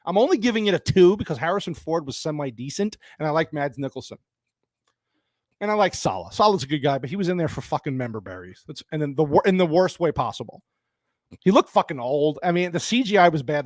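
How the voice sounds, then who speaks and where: A man's voice: a little high, no echo, clean studio sound. A man hosting a live stream, ranting angrily about a movie with lots of swearing, restarts and replies to chat. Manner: angry, profane, rambling with restarts; reads and answers chat viewers.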